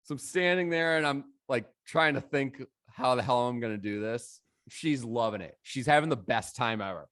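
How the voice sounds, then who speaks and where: A man tells a story on a casual podcast, his voice sitting at a middle pitch. He acts out the lines of other people and swears freely. The recording is dry and close. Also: normal speed, a bit bright, no room sound. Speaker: DJ guest.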